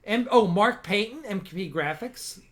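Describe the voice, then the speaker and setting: Male livestream host, slightly high voice, rambling and excited, casual chat. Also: measured pace. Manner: rambling, enthusiastic, lots of restarts. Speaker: host of a fan-film livestream.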